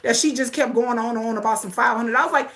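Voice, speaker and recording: A sassy woman talks through a live watch-along from her home setup, laughing often and full of attitude. Her voice sits a little high and rings bright and sharp. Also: quick pace. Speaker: content creator hosting a live watch-along. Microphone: desk setup with ring light.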